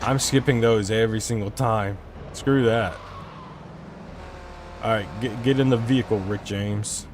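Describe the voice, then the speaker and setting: A man's voice: lowish voice, steady tone, measured pace, long pauses, background noise. A man giving casual gameplay commentary on a stream, rambling and swearing in frustration, talking into a desk microphone. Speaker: gaming streamer.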